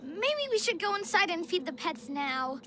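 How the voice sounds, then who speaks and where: Woman voicing an eager cartoon boy, very high. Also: sing-song, moderate pace, heavy background noise. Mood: upbeat. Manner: eager and upbeat. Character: brave, curious young boy, the lead. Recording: cartoon soundtrack with music.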